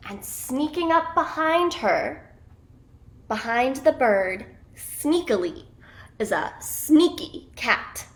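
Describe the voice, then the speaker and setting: A woman telling a children's story in an expressive, animated way. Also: high-pitched, slow pace.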